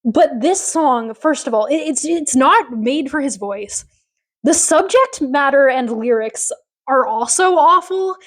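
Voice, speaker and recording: Female podcast co-host, raised pitch, opinionated casual recap delivery. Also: expressive, unhurried. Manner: opinionated, rambling, lots of fillers. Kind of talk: casual chat recapping a TV episode.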